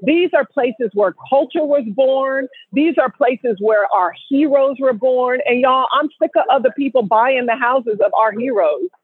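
A woman co-hosting a casual call-in podcast, a lively storyteller who slips into the voices of people she quotes. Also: high voice, measured pace, hardly any pauses, breathy edge, dry recording. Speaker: co-host. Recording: tinny phone line, dry.

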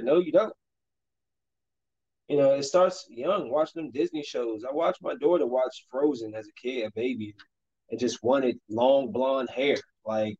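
A man in his thirties chatting casually while he plays a basketball video game, rambling and then breaking into sudden loud outbursts at the game. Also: medium pitch, moderate pace, lo-fi sound. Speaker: streamer and father.

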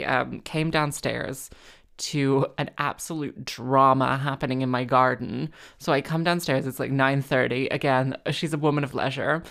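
A young woman hosting a podcast, telling rambling, self-mocking stories in a chatty way with lots of ums and likes. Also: deep voice. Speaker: podcast host. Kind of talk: casual solo storytelling.

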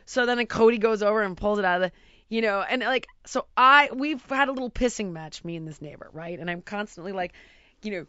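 A middle-aged woman telling a story in casual chat, animated and exasperated, acting out sounds and voices. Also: medium pitch, fairly quick, clear, resonant tone, no echo, lo-fi sound.

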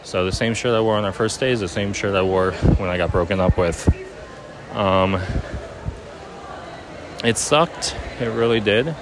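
Low-voiced young man, halting. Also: background noise. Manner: halting, many ums and likes. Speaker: vlogger. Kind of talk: casual personal storytelling.

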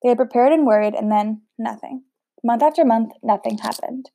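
A woman's voice: fairly high pitch, moderate pace, creaky, dark tone. A woman reading a novel aloud in a casual way, stumbling over words now and then and chatting between passages. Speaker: audiobook reader.

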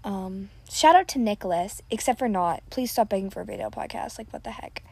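A woman's voice: mid-range voice, fairly quick, vocal fry, dark tone, slightly rough, no room sound. A teenage girl hosting a podcast, rambling casually, full of "like" and self-deprecating asides, on a built-in device mic. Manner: chatty, filler-heavy, self-deprecating. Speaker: podcast host.

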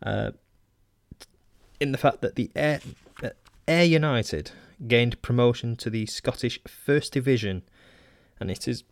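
A man talks through old magazine clippings on his own podcast, stopping for ums, restarts and wry asides between the read passages. His voice sits at an ordinary middle pitch for a man. The recording is dry and close, with no room sound around it. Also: a little slow, vocal fry, no echo. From Manchester, England. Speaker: podcast host. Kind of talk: casual solo podcast reading old magazine articles aloud.

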